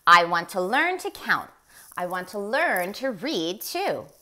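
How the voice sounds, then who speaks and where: A woman's voice: mid-range voice, very animated, slow, pushed and bright, exaggerated voice. Morris: a woman doing a guileless young moose. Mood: earnest. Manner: earnest and innocent. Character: naive, friendly male moose at school.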